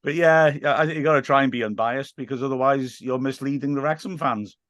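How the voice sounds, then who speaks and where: A man's voice: medium pitch, fast, a bit bright, no room sound, studio quality. A man co-hosting a casual football podcast, joking and laughing often. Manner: jokey, self-mocking, laughs often. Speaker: podcast co-host.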